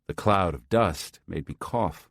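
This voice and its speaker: A man narrating a first-person story as an audiobook, in a measured, sober way. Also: low voice, creaky, a bit bright, no echo, clean studio sound.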